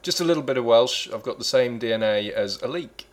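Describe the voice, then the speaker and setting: A man's voice: medium pitch, animated, fairly quick. A British man co-hosting an improvised comedy chat, poking at his partner with dry, probing questions. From Britain. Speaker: podcast co-host.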